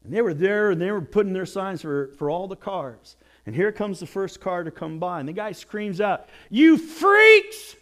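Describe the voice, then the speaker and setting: A man preaching a sermon as pastor, telling stories and jokes with lively acted quotes. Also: sits high, moderate pace, hardly any pauses.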